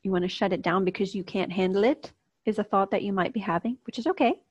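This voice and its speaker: A woman's voice: mid-range voice, fast talker, slightly rough, no room sound. A woman coach teaching an online course lesson in a casual, upbeat way, speaking straight to her viewers. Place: outdoors, near a street. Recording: dull, slightly lo-fi dry sound.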